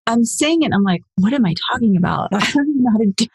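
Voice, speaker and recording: A woman in her forties, a podcast guest, telling her story in a lively, casual way and acting out the voices she quotes. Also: fast talker, a crowd in the background. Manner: animated, acts out quoted voices with pitch jumps.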